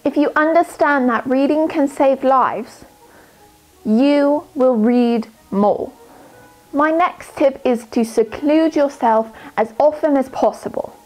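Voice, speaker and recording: A prim, bookish teenage girl witch lectures with earnest precision in a put-on British accent, as a woman puts her on. The voice sits a little high, with faint music behind. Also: a little mellow, lightly acted, low-quality recording.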